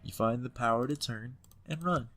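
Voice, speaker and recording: A man's voice: mid-range voice, normal speed, fairly bright tone. A man playing a computer game, reading its text aloud and commenting on it in a playful, hammed-up way. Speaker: let's-play host.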